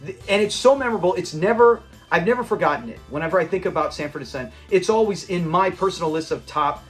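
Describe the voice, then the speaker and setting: A man's voice: high-pitched, fast talker, faint music behind. A man hosting his own channel, chatting casually and enthusiastically about a classic sitcom in a rambling way. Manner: enthusiastic and rambling, with frequent restarts and quoted lines. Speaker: channel host.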